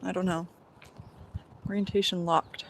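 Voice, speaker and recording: A woman's voice: lowish voice, flat delivery, measured pace, heavy background noise. Rambling woman live-streaming on a walk. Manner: rambling, meandering, with sighs. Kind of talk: casual live-stream chat. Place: outdoors on a walk.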